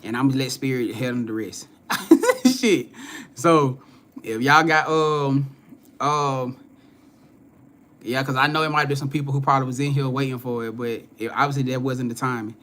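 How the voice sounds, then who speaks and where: A man's voice: medium pitch, fairly even intonation, normal speed, pushed and bright. Laid-back young man chatting on a live stream. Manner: laid-back slangy talk, greeting viewers by name, frequent swearing and laughs. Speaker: spiritual card reader hosting a live stream. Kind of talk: casual live-stream chat.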